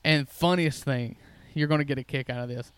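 A man's voice: mid-range voice, a little fast, clean tone. A man, co-hosting a podcast and telling folksy, jokey stories in casual chat. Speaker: podcast co-host.

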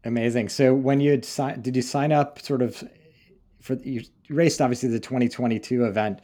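A man's voice: mid-range voice, fairly even intonation, normal speed, mellow. A man hosting a podcast, asking curious, long questions in a casual interview. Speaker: podcast host.

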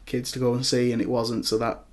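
A young man hosting a podcast, chatting casually and telling an animated story with mimicked outbursts. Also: mid-range voice, fairly quick. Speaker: podcast host. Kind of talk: casual chat.

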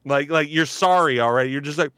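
A man's voice: a little high, fast, fairly bright tone, no room sound, studio quality. A man hosting a casual chat, rambling with constant fillers and restarts. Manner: rambling, heavy use of "like", restarts. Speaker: host, voice actor.

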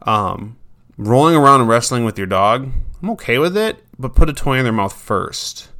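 A man's voice: medium pitch, a bit bright. Chatty male dog trainer giving tips. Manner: chatty, self-deprecating, acts out his dog's voice. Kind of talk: casual advice talk.

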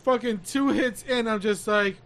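A man on a podcast telling an animated first-person story in casual chat, swearing and acting out his own lines. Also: very high-pitched, normal speed. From Michigan. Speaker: podcast host.

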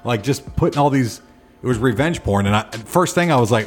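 A man's voice: medium pitch, animated, fast talker, faint music behind. Blunt, crude podcast host, a man. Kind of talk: casual podcast banter.

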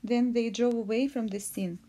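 A woman narrates a case recap in a slightly high, mellow voice. She stumbles and restarts often as she reads. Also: steady tone. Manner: halting, with slips and restarts. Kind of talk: reading a case recap aloud.

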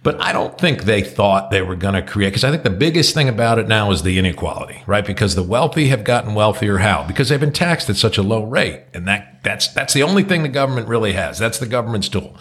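A man's voice: fairly low pitch, expressive, fast, hardly any pauses, fairly bright tone. A middle-aged man from New Jersey co-hosting a podcast, giving blunt opinions in casual chat and swearing freely. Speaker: podcast co-host.

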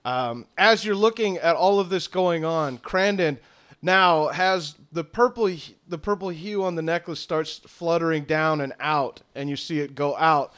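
A man running a tabletop game as game master, narrating scenes in an unhurried way with fillers. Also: fairly high pitch, a bit bright, smooth.

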